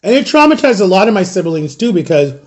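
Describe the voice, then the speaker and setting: A man's voice: high voice, very animated, fast talker. A man in his thirties telling a long personal story to his viewers in a casual, rambling way, full of fillers and talking straight to the audience. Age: 30s. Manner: rambling, filler-heavy, addresses viewers as guys. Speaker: vlogger. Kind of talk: casual storytelling while eating.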